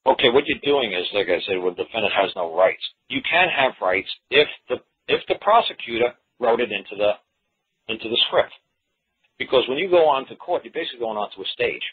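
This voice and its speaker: A man telling a story on a radio call-in show, acting out his exchanges with a judge in quick back-and-forth and restarting his sentences often. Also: medium pitch, breathy edge. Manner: quotes courtroom exchanges in animated back-and-forth; repeats himself with frequent restarts. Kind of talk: storytelling monologue. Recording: tinny phone-line radio recording.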